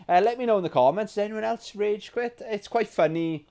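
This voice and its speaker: A man from England hosting a gaming vlog, telling stories in a rambling, animated way and swearing freely. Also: sits high, brisk, clean tone. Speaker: gaming channel host. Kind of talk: casual storytelling vlog.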